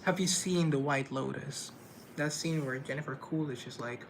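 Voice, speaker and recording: A man's voice: medium pitch, moderate pace, gravelly, background noise. A man chatting casually on a live stream, self-deprecating and playfully sarcastic.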